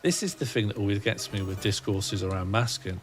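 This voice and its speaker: A man's voice: on the low side, animated, a little fast, slight background noise. A man, streaming a game and rambling wryly to himself and his chat. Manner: musing, rambling self-talk, wry. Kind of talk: casual gaming livestream chat.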